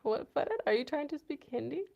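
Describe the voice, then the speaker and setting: A woman's voice: sits high, fast talker, vocal fry, darkish tone. A woman hosting a casual livestream, playfully chatting with viewers and reading their comments aloud. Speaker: livestream host. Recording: dull lo-fi stream audio.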